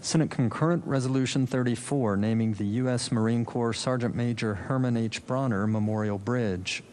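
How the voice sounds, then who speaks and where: A man serving as clerk, reading committee reports and resolutions in a steady, formal manner. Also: medium pitch, moderate pace. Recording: faint room noise.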